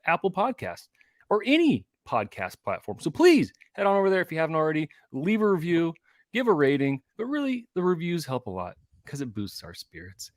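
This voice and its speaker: Lively upbeat man hosting a podcast. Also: on the high side, a little fast, no echo, clean studio sound. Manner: upbeat, animated promo patter. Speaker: podcast co-host. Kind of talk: casual podcast chat.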